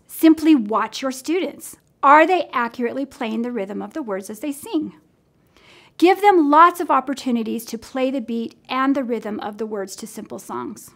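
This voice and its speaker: A woman music teacher demonstrating simple rhythm lessons for classroom teachers, counting in and singing along patiently. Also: sits high.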